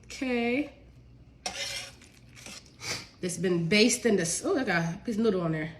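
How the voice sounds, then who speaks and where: Cooking live while sniffly and sick, a home cook who writes cookbooks chats casually with her audience, addressing them as y'all and laughing easily. Her mid-range voice is expressive and a little quick.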